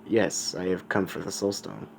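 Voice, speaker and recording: A man voicing an earnest young male hero in a fan story, speaking quietly and plainly. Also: sits low, fairly even intonation, normal speed, vocal fry, slight background noise. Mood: resolute.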